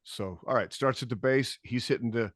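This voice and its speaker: A man telling a story as a podcast guest in casual chat, animated, acting out quotes and swearing freely. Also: medium pitch, normal speed, no echo, studio quality. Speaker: podcast guest, bass tech.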